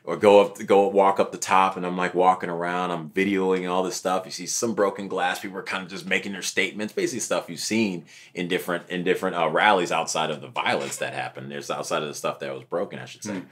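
A young man, an interview guest, telling his story in a casual, animated way and acting out what others said. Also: low voice, fast talker, few pauses. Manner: animated, acts out quotes of others.

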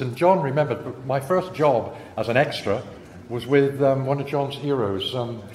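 A man's voice: medium pitch, normal speed, a little mellow. Man, panel guest, jokey storyteller, roomy echoing sound. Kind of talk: convention panel interview. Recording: echoey hall.

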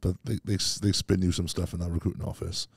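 A man's voice: deep voice, flat delivery, quick pace, gravelly, breathy edge, dry recording, clean studio sound. A man, chatting as a podcast guest about his past, laughing often and calling the host "mate". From Wales. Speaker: guest, strongman and former soldier. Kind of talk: casual interview chat.

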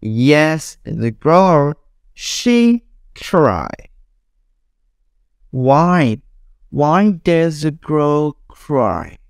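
A woman's voice: low voice, very animated, drawn-out words, pauses often, a little mellow, dry recording, clean studio sound. A young woman teacher drilling English words for children, repeating each one and laughing between examples. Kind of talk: classroom drilling lesson.

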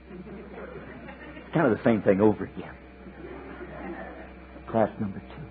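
A man preaching a sermon, telling a story in a folksy, animated way with chatty asides. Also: fairly low pitch, unhurried, pauses often. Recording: tinny lo-fi sermon tape with hiss.

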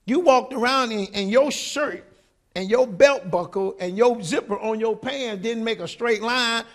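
A man's voice: extremely high pitch, unhurried. A man preaching a sermon with passion, calling out to the congregation for responses. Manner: impassioned preaching with call-and-response. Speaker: pastor.

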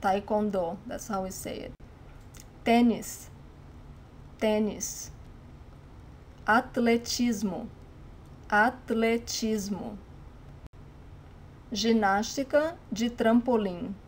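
A woman with a Brazilian accent teaching a language lesson, saying each word slowly and carefully and then repeating it. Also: fairly high pitch, a little hiss or hum.

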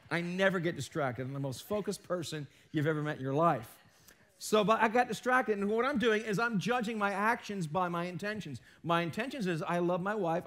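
A man's voice: high-pitched, fairly bright tone. A man preaching a live sermon in a church, joking and teasing himself between points and talking with his hands. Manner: joking, self-mocking asides. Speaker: pastor. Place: church sanctuary.

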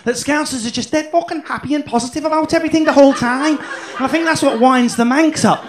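A man doing a stand-up comedy set in a comedy club, brash and sweary, telling animated stories. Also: extremely high pitch, fast talker, background noise.

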